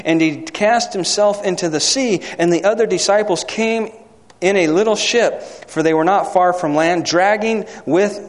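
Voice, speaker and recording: A man preaching a sermon, asking the congregation questions and reading scripture aloud. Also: fairly high pitch. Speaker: pastor. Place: church. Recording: church hall with long reverb.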